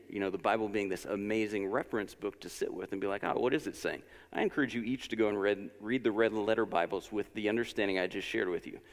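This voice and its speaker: Guy preaching a laid-back sermon, low gravelly voice, chatty and encouraging, lots of reverb from the church hall. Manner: informal, anecdotal and encouraging, with asides. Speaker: lesson speaker at a church service. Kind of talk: conversational sermon. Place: church sanctuary.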